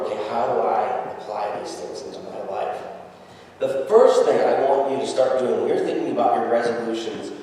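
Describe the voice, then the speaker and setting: A man pastor preaching a sermon, telling the scripture story with lively acted-out quotes. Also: medium pitch, a little hiss or hum. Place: church sanctuary. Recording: echoey church hall from far off.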